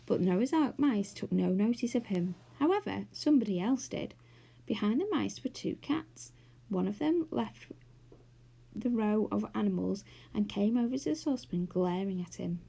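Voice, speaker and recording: A woman's voice: mid-range voice, animated, normal speed, vocal fry, warm tone, breathy edge. A woman with an English accent reading a children's novel aloud, doing character voices. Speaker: storyteller.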